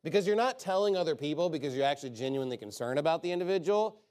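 A man's voice: on the high side, expressive, racing, a little mellow. A man preaching a sermon in an emphatic, conversational way, often asking rhetorical questions.

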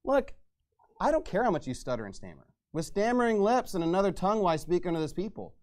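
A man preaching a fiery sermon as pastor, angry and mocking, shouting at times. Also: high voice, big pitch swings, fast.

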